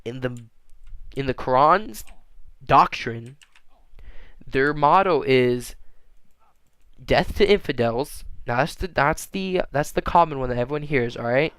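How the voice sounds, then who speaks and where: A man's voice: medium pitch, animated, a bit bright, clean tone, no echo. A man rambling through a casual monologue, often restarting and tagging on "all right?". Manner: halting, frequent restarts and fillers.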